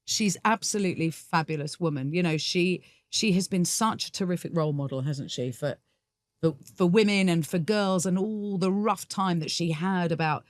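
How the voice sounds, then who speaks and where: A woman's voice: fairly low pitch, normal speed, no room sound, studio quality. A middle-aged woman, a musical theatre actress, talking candidly and laughing easily in a podcast interview. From England.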